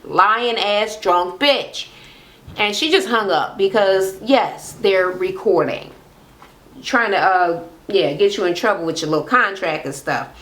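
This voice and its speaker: A woman's voice: mid-range voice, expressive, a little slow, fairly bright tone. A woman in casual chat recapping a reality show, blunt and profane, gossiping and acting out what people said.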